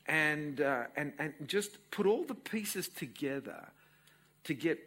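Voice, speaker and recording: A man in his sixties with an Australian accent, preaching a sermon and telling a family story to his congregation in an animated storytelling manner. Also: a little high, creaky, slightly rough. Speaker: pastor.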